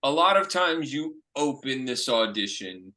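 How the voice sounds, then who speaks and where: A man's voice: medium pitch, measured pace. A young man and actor hosting a casual video-call chat, telling audition stories and acting out what others said. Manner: animated, acts out quoted lines. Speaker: actor and host.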